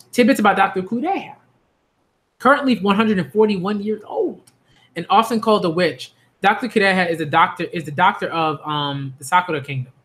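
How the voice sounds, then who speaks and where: High-voiced young man reacting casually. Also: a bit bright. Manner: hyped slang interjections, laughs, rambling asides. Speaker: manga reaction host. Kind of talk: casual live reading and reaction.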